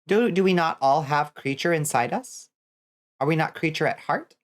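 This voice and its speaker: A young adult woman streams a game, her low, expressive voice moving at a normal speed. She reads chat aloud and riffs on it casually, wry and blunt, with frequent swearing.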